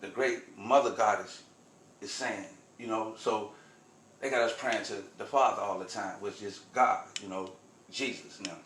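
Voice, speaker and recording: A man's voice: lowish voice, a little slow, fairly bright tone, a little hiss or hum. A man vlogging, telling a rambling spiritual story in loose, profane, repetitive street talk. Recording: roomy echo.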